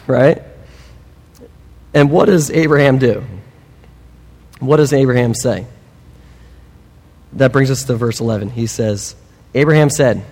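A man preaching a sermon, emphatic and animated, with humorous asides. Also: medium pitch, unhurried, pauses often, in a large hall. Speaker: pastor.

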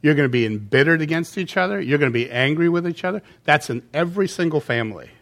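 A male pastor preaches to his congregation in a relaxed, conversational way, often pausing to ask "okay?" and acting out little quoted exchanges. His voice sits a touch higher than most men's. He drifts on and off the stage microphone as he moves. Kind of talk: sermon.

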